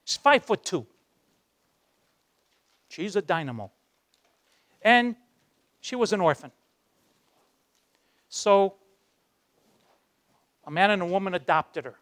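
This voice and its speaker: A man giving a motivational speech, telling a story and acting out its voices, dropping low for the dramatic moments. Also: animated, slow pace, pauses often, a bit bright. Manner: acts out the voices in his stories, drops low for dramatic moments. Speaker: guest speaker. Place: university lecture hall.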